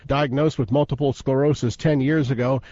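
Male radio reporter, measured scripted delivery, dry and slightly muffled. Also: medium pitch, fairly even intonation, warm tone, dry recording. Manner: measured, informative.

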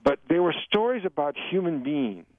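An older man, a guest author, telling jokes and talking about humor in a radio interview, animated and given to slipping into voices. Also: a little high, moderate pace, dry recording. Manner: animated storyteller, jumps into joke voices. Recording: dry tinny radio phone-line sound.

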